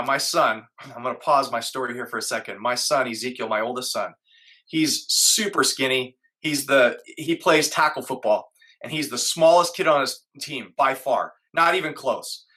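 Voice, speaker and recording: A middle-aged man recounts a hard personal story as an interview guest. His voice is bright and a little tense, and he speaks earnestly, acting out the thoughts he had at the time. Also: mid-range voice, normal speed. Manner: earnest, acts out his own inner voice.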